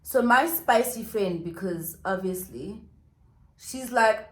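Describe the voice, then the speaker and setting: A woman's voice: mid-range voice, expressive, measured pace. A woman vlogger telling a gossip story while doing her makeup at home, chatty with dramatic asides to viewers. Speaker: beauty vlogger. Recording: echoey room.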